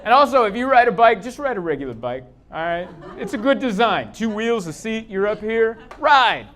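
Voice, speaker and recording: High-voiced man doing stand-up. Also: moderate pace, some chatter behind. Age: 30s. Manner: deadpan storytelling with acted-out quotes, sudden loud bursts. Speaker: stand-up comedian. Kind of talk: stand-up comedy set. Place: comedy club stage. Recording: live club recording with audible background noise.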